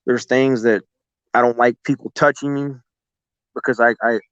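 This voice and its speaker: A man's voice: mid-range voice, fairly even intonation, moderate pace, smooth, dry recording. A man casually telling a long story as a guest, swearing freely and rambling with restarts. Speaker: guest telling encounter stories. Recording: slightly dull lo-fi audio.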